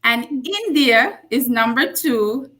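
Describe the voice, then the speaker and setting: A woman's voice: a little high, expressive. A woman in her forties from Jamaica, a nurse practitioner giving a casual health talk, telling stories with emphatic repeats. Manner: slow, warm storytelling with emphatic repeats. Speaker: guest speaker, nurse practitioner.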